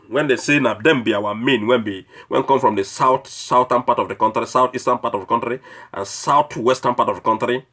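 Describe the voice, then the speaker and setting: A man's voice: medium pitch, bright, forceful tone. A man with a Nigerian Pidgin accent giving a preachy political rant that scolds his listeners with mocking rhetorical questions. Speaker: online commentator.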